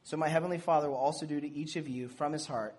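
A man preaching a sermon in a casual, animated way, acting out bits of dialogue and making playful asides. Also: fairly high pitch, fast talker. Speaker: pastor.

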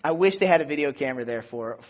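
High-voiced, chatty man preaching casually. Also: fast. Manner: chatty and animated, many fillers, acts out voices in a high shout. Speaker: pastor. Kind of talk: casual sermon with personal story.

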